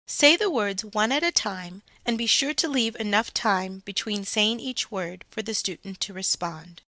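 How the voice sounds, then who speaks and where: In a mid-range voice with a sharp tone, a woman plays a reading teacher and works through a scripted phonics lesson, going slowly and stressing each sound for the learner; there's no room sound.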